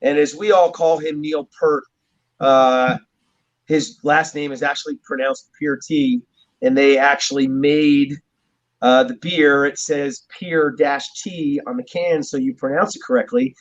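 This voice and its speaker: Speaking fairly high and a little slowly in a steady tone, a drummer guest from New Jersey, USA, chats casually in an interview, telling meandering stories and laughing often. Sound quality is muffled and dull, typical lo-fi.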